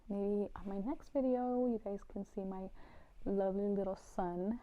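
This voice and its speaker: An earnest young woman talks straight to her viewers in a casual home vlog. Her voice sits at a middling pitch, and she keeps the talk chatty and loose. The sound comes through a little dull and lo-fi. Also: level tone, normal speed, dark tone. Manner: earnest and chatty, full of fillers like "you know". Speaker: vlogger.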